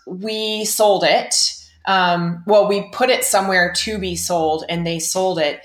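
A woman co-host of a baking podcast chats casually in a slightly low voice. She sounds excited and laughs easily, with plenty of "like". The recording is echoey, as if made in a bare room. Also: takes it slowly. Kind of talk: casual chat.

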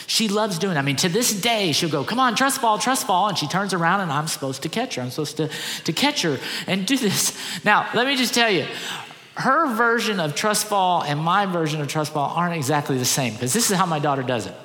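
A middle-aged man, a pastor, giving an animated, conversational sermon with lots of repeated phrases. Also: fairly high pitch, a little fast. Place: church auditorium. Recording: echoey church hall.

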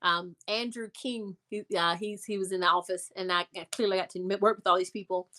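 A woman telling a story in a casual interview, animated and acting out the voices of people she quotes. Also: medium pitch, brisk. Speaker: interview guest.

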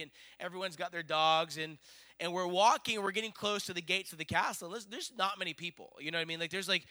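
A middle-aged man preaching, telling a story in an animated, excitable way. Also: high-pitched, smooth. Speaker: pastor. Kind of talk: sermon storytelling.

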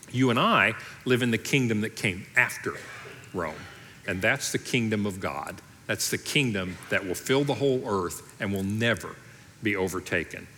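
A man's voice: lowish voice, sharp tone, in a large hall. A man preaching a sermon as pastor, in a conversational way, briefly voicing people from the story he tells. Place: church auditorium.

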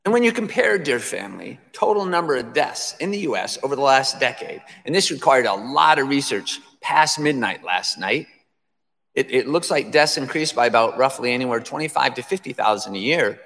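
A man's voice: medium pitch, lively intonation, moderate pace, gravelly, a bit bright, in a large hall. A man preaching an emphatic sermon to his congregation, repeating phrases for effect.

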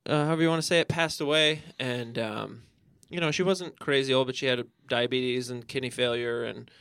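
A man in casual podcast chat, tossing in wry follow-up questions and relaxed anecdotes. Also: mid-range voice, a little fast, smooth, no echo.

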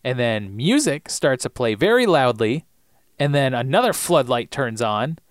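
A man's voice: medium pitch, sing-song, measured pace, no room sound, studio quality. A man co-hosting a podcast, casually retelling a TV episode in a loose, rambling way. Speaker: podcast co-host.

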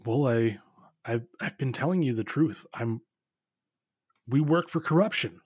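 A man's voice: medium pitch, measured pace, darkish tone, breathy edge, dry recording, studio quality. A man voicing a captured cultist who preaches corruption and sulkily refuses to cooperate. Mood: sulky.

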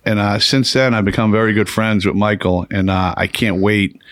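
A man hosts a casual podcast, spinning a long anecdote with plenty of swearing and laughter. His voice sits on the low side. The sound is dry and close, with little room around it. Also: dry recording. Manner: profane, rambling, laughs often. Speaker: podcast host. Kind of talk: casual storytelling.

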